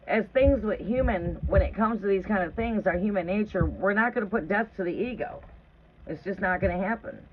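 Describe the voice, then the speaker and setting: A woman hosts a live tarot stream from home, talking in a loose, rambling way and swearing freely as she tells stories. Her voice sits at a middling pitch. The sound is thin and tinny like a phone line, with a faint hiss behind it. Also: fairly quick. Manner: rambling, profane, conversational, often asks "right?". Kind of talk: casual live-stream chat and storytelling. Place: at home in a trailer.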